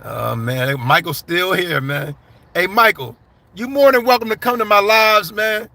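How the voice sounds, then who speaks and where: A man's voice: high-pitched, measured pace, vocal fry, sharp tone. A man doing casual live-stream commentary, reading viewer comments aloud and answering them bluntly. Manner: blunt, conversational, addresses viewers as y'all and man. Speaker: livestream commentator.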